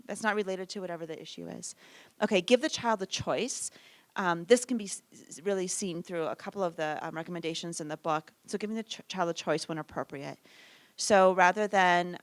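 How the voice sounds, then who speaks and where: A woman's voice: medium pitch, expressive, fairly quick, dry recording. A woman presenting a parenting workshop in a conversational manner, often asking "right?" and acting out short lines from parents and children. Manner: conversational, frequent "right?" tag questions.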